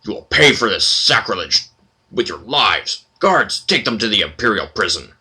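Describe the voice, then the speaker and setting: A man voicing a furious old stooped male minotaur lord from a computer game, ranting and shouting insults in a raised, loud voice. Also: fairly low pitch, big pitch swings, moderate pace, slightly rough, full character voice. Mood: haughty threatening.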